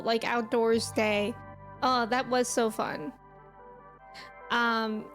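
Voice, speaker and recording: A young New England woman with a high-pitched voice streams casually, reminiscing and chatting as she reads and replies to her live chat.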